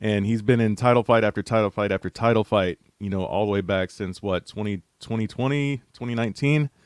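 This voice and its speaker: A man with a fairly low voice gives easygoing, measured analysis. He hedges often, and the audio is dry and close. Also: a little mellow, clean tone, dry recording. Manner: thoughtful, hedging with fillers. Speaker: panelist, writer. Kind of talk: casual sports analysis.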